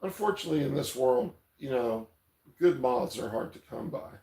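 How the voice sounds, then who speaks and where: A man's voice: mid-range voice, expressive, moderate pace, warm tone. Rambling man streaming in an echoey room. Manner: rambling, loose, reads chat aloud, swears casually. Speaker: livestream host. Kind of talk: casual livestream chat. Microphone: tablet mic.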